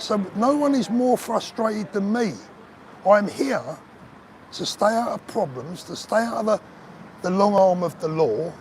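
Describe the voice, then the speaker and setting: An older man talks straight to his viewers on a live stream, earnest and emotional, his voice sitting a little high for a man. Faint street noise and passing traffic hum behind him outdoors. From England. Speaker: livestream host. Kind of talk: live-stream chat reading viewer comments.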